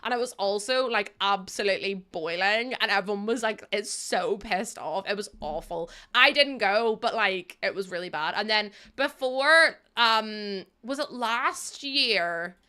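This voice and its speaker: A woman's voice: medium pitch, lively intonation, unhurried, hardly any pauses, bright, forceful tone, clear, resonant tone. A woman streaming a game, chatting with viewers in a rambling, laughing way. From Ireland. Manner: rambling, chatty, laughs often, talks to chat. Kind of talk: casual livestream chat while playing.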